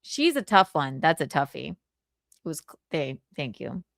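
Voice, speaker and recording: Gravelly, giggly woman streamer. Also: deep voice, very animated, moderate pace, dry recording, studio quality. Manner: giggly, trying out voice impressions. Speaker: livestream host. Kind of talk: casual livestream chat.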